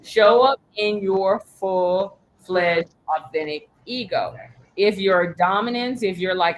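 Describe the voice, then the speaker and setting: A woman coaching a group in an animated, emphatic, blunt way, with the odd curse. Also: medium pitch, measured pace, a little hiss or hum, low-quality recording. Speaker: sales coach. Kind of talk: coaching talk.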